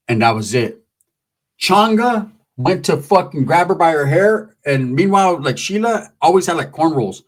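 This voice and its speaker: Middle-aged man, slangy profane storyteller, fairly high voice. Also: big pitch swings, normal speed. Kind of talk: comic street storytelling.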